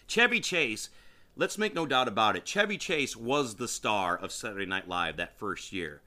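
A man's voice: lowish voice, animated, normal speed, sharp tone. A man hosting a solo podcast, talking in a casual, rambling and enthusiastic way, often restarting his sentences. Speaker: podcast host.

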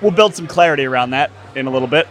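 A man's voice: fairly high pitch, animated, rapid-fire. A man hosting a podcast in a casual, joking, conversational way, recorded in a tavern. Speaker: podcast host.

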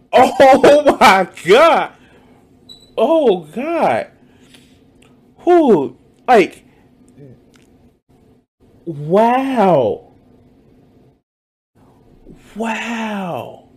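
High, lively, incredulous man reacting. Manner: incredulous, mocking, swears a lot. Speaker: stream reactor. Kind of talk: reaction commentary.

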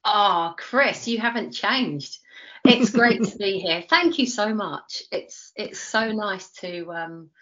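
A woman's voice: medium pitch, expressive, slow, fairly bright tone. A woman in her forties with a Cockney accent, chatting as an interview guest and telling her story with lots of fillers and restarts. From East London, England. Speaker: interview guest, retired Olympic runner. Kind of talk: casual chat. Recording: dull lo-fi sound.

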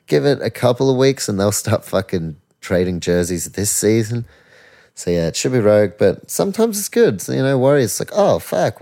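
A man's voice: on the low side, mellow. A young man, hosting a casual sports podcast, ranting and swearing in disbelief. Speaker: podcast host.

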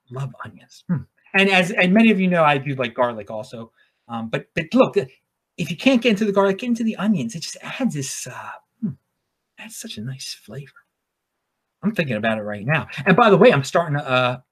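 Male podcast host from Baltimore; loose solo monologue, animated pitch, stammering restarts and chuckles. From Baltimore, USA. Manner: rambling, repeats and restarts words, chuckles. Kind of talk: casual opinion monologue.

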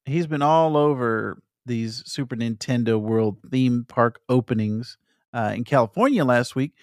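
A man hosting a gaming podcast, relaxed as he reads news items and riffs on them. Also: medium pitch, unhurried, no echo, clean studio sound. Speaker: podcast host reading news segments. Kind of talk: casual news chat.

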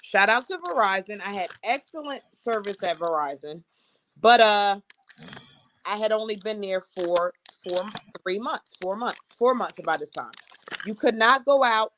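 A woman hosting a casual talk show, telling a personal story in a frank, animated way with laughs. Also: medium pitch, a little slow, a little hiss or hum. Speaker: host.

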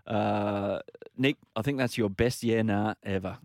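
A man's voice: fairly low pitch, measured pace, gravelly, a little mellow, no room sound, studio quality. A man hosting a casual sports radio show, bantering with a chatty, joking manner.

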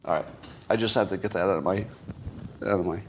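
A man's voice: low voice, fast talker, a little hiss or hum. A man hosting a solo commentary monologue, blunt, sarcastic and emphatic. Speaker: host.

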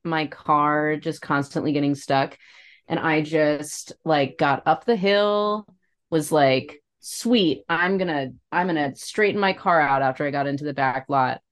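A young woman co-hosting a podcast tells a rambling story in casual chat, swearing freely. Her voice sits low and her pace is slow.

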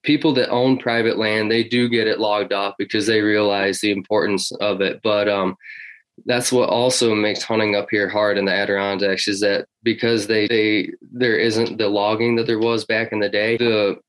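A man's voice: lowish voice, little pitch movement, moderate pace, fairly bright tone, low-quality recording. A man talking casually about hunting history in an interview, rambling with many fillers and restarts. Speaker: hunting guest.

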